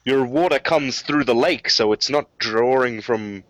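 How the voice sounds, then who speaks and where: A man's voice: mid-range voice, measured pace, a bit bright, no room sound. A man narrating a tabletop game as game master, loose and casual with frequent fillers.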